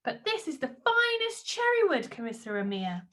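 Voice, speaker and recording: A woman voicing a nervous but kind and hopeful old male woodcarver, speaking gently. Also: very high-pitched, huge pitch swings, moderate pace, full character voice. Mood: tender. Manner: coaxing and gentle.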